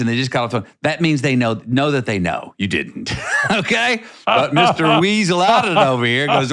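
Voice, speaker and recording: A man's voice: fairly high pitch, big pitch swings, brisk, fairly bright tone. A middle-aged man from Texas, a podcast guest telling a personal story in a rambling, vivid way with many restarts.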